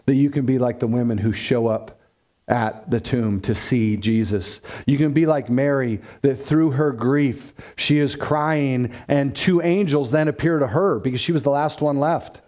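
Pastor, male, middle-aged, warm and mellow tone, earnest pleading sermon delivery. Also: mid-range voice, unhurried.

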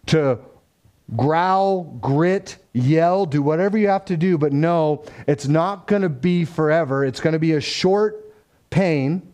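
Man, conversational storyteller, lightly higher pitch, loose and informal. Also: a little mellow. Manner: conversational, acts out quoted dialogue, frequent fillers. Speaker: father telling a family story. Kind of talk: casual faith-tinged storytelling.

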